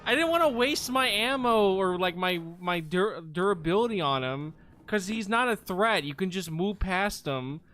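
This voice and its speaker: A man streaming a horror game, yelling and swearing in exasperation at an enemy that blocks his way, then laughing it off. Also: high-pitched, expressive, moderate pace. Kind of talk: casual gameplay commentary.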